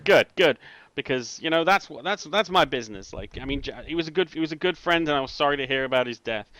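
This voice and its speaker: A man voicing a busy, brash newspaper boss who talks in halting restarts, in a tabletop game. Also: on the high side, expressive, fairly bright tone, dry recording. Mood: brusque. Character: busy male tabloid boss, brash and wheeling-dealing.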